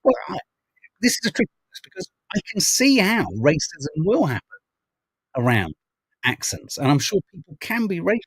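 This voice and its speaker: A man's voice: high-pitched, very animated, moderate pace, breathy edge, no room sound, low-quality recording. A man hosting a podcast, chatting wryly about news stories and reading out viewer comments. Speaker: podcast host reading the papers. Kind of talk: casual chat.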